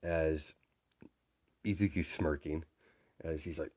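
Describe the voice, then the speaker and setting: A man's voice: deep voice, fairly even intonation, a little slow, long pauses. A man narrating a fan fiction story off the cuff, rambling with many fillers and asides.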